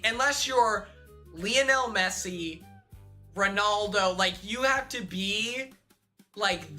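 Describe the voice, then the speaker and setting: A young man streaming live, telling a rambling, animated story full of "like" into a desk mic. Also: sits high. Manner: rambling, animated, heavy use of "like". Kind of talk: casual storytelling on a livestream.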